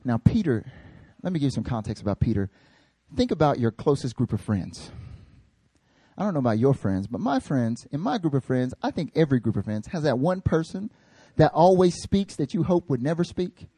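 A man's voice: mid-range voice, a little fast, husky, no echo. A male pastor telling funny stories in a sermon, joking with his congregation. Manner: animated, jokey, talks to the congregation. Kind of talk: comedic sermon storytelling.

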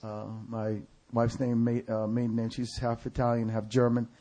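A male preacher telling a story in a sermon. He shouts other people's lines in a high voice. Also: completely flat delivery, normal speed.

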